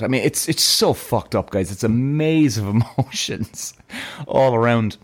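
A young adult man talking to his viewers in a casual vlog, animated and swearing freely. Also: medium pitch, measured pace. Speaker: vlogger.

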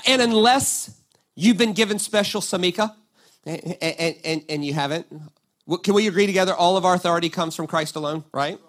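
A man preaching a sermon, telling a Bible story with lively acted-out quotes and frequent "right?" asides to the congregation. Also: high voice, fairly quick. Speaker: pastor.

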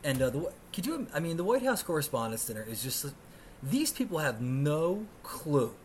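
A man's voice: on the high side, sing-song, moderate pace, a little mellow, slight background noise. Sarcastic ranting American man. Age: 30s. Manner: ranting, sarcastic and profane, swinging between mutters and outbursts. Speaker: podcast host. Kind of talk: solo podcast rant.

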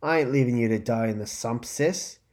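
A man voicing a loyal young woman ganger, pleading with her friend in rough slang. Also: mid-range voice, normal speed, darkish tone, natural voice.

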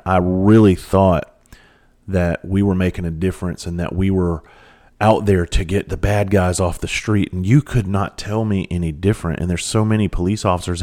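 Casting: man in his thirties, deep voice, ex-cop storyteller, profane and laid-back. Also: a little mellow. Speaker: former police officer and firefighter. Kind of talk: casual storytelling.

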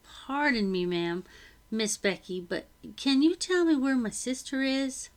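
A woman reading aloud, voicing a wary, polite young girl who speaks softly and carefully. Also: high voice, animated, a little slow, pitched above the performer's own voice.

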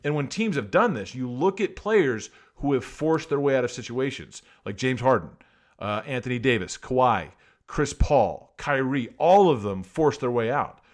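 A man rants about sports in a casual monologue, piling up sarcastic rhetorical questions. His pitch swings widely as he argues, jumping up for the jabs and dropping low for the asides. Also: expressive, normal speed. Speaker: sports commentator.

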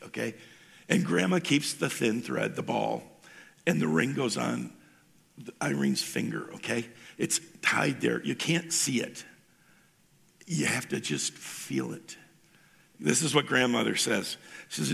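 A male pastor delivers a casual, storytelling sermon. His voice is gravelly, with heavy fry, and has a husky, unpolished edge. He often doubles back on words as he starts a thought. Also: medium pitch, big pitch swings, measured pace, pauses often, fairly bright tone. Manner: storytelling, informal, repeats words when starting.

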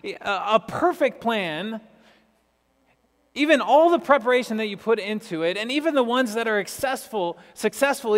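A man preaching a conversational sermon, often asking his listeners questions. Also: high voice. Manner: chatty, asks listeners questions. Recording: long hall reverb.

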